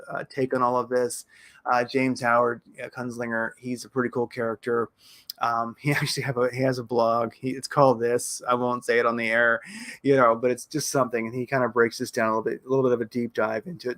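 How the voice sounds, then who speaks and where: Gravelly, bright-voiced man rambling casually. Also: medium pitch. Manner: rambling, slangy, laughs often. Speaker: crypto market commentator. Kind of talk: casual live-stream commentary.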